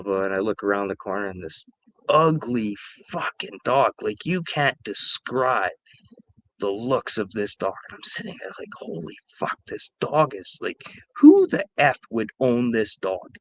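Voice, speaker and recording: A man's voice: lowish voice, expressive, a little slow, fairly bright tone, no echo. A man in his forties telling rambling, profane stories alone on a stream, repeating himself. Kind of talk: casual storytelling.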